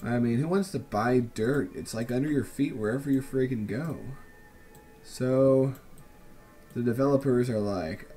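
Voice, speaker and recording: A man talks through his city-building game in a relaxed, unhurried drawl. His voice is mellow and warm, with dry, sarcastic asides. Faint music plays behind him. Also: mid-range voice. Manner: wry, sarcastic, musing. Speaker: let's play host. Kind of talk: casual game commentary.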